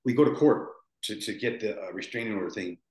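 A man's voice: fairly low pitch, fast talker, darkish tone. A man in his forties, a podcast guest telling a painful story in a rambling way, restarting and repeating his words. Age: 40s. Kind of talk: emotional storytelling. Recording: roomy echo.

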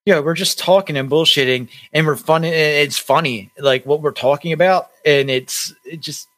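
A man's voice: a little high, normal speed, fairly bright tone. A young man co-hosting a podcast, telling a rambling story with many restarts. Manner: rambling, lots of likes and restarts. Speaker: podcast co-host.

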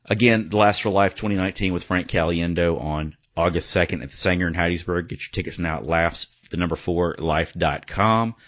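Very low-voiced male podcast host, chatty and joking, muffled sound. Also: brisk, few pauses, fairly bright tone. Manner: chatty, joking, upbeat plugs. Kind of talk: casual sports podcast chat. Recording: slightly dull lo-fi sound.

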